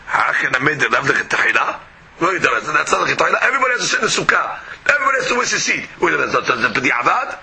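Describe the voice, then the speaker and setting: Male Talmud teacher, lively swooping delivery, debating himself with rhetorical questions. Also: on the high side, fast, slightly rough, low-quality recording. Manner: argues both sides with rhetorical questions. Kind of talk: animated Talmud class.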